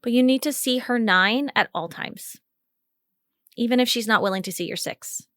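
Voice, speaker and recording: A woman's voice: a little high, moderate pace, fairly bright tone, no room sound, studio quality. A woman hosting a live coaching call, chatty and encouraging, laughing often as she guides the talk. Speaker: podcast host and communication coach.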